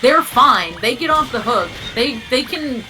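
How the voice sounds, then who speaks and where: A woman's voice: high-pitched, expressive, unhurried, rough recording. A woman in a casual gaming chat, talking bluntly and swearing often. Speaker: co-host.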